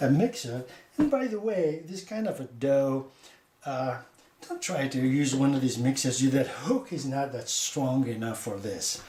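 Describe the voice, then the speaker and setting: Man, home baking teacher, slow and chatty, echoey kitchen with noise behind. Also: mid-range voice, warm tone. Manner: slow, chatty, full of fillers and "see that?". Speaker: home baker teaching bread making. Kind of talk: casual cooking demonstration.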